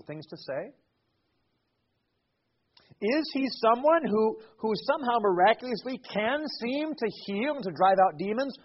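A man's voice: sits high, breathy edge, dull audio. A man preaching a sermon. His cadence rises and falls, and he repeats words as he builds a point. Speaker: pastor.

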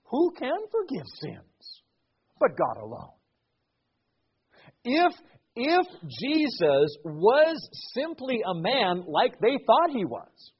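A man's voice: very high-pitched, huge pitch swings, slow, slightly rough, muffled recording. A man preaching a sermon. His cadence rises and falls, and he repeats words as he builds a point. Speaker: pastor.

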